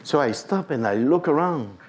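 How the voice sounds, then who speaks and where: A priest tells a personal story in an animated way, often saying "you know". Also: male voice, a little high, moderate pace, a little hiss or hum.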